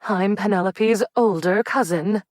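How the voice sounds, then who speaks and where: A woman reading an audiobook, voicing a fretful, soft-spoken older female cousin with a gentle, hesitant manner. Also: medium pitch, unhurried, dry recording, studio quality, voice pushed up, close to an everyday voice. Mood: meek.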